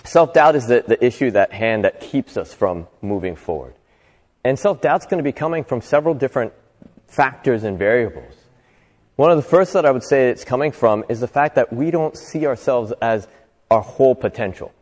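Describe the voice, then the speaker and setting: A man's voice: medium pitch, lively intonation, normal speed, a little mellow, in a large hall. A man giving an inspirational talk to a live audience in a conversational way, often asking listeners rhetorical questions. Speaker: motivational speaker.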